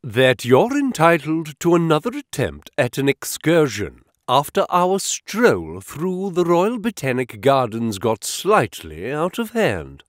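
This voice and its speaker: A man's voice: on the high side, wildly swooping pitch, slow, few pauses, dry recording, clean studio sound, pitched above the performer's own voice, full character voice. A man voicing a witty, eager Victorian-era detective in an audiobook. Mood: wry. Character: eager brilliant male detective, dry wit.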